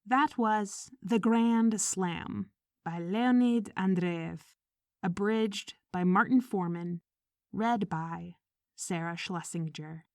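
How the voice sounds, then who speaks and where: A woman reading a short story aloud in measured audiobook narration, sometimes dropping to a whisper. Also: medium pitch, a little mellow, dry recording, studio quality. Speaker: audiobook reader.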